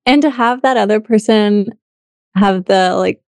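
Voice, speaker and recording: Woman, podcast host, gravelly voice, dry recording, chatty, laughs often. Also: medium pitch, unhurried, darkish tone, no echo. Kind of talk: casual conversation.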